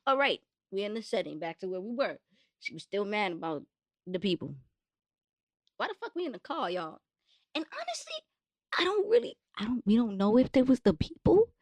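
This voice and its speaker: A woman's voice: medium pitch, big pitch swings, moderate pace, a little mellow, dry recording. A young woman co-hosting a podcast, laughing a lot and reenacting moments in casual chat. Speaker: podcast co-host.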